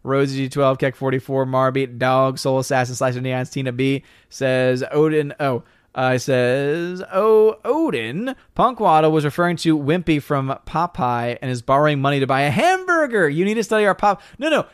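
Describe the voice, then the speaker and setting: A man hosting a live stream, reading viewer comments aloud and reacting in an animated, joking way. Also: mid-range voice, moderate pace, clean tone, no echo, clean studio sound. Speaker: livestream host reading chat. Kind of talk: casual live-stream chat.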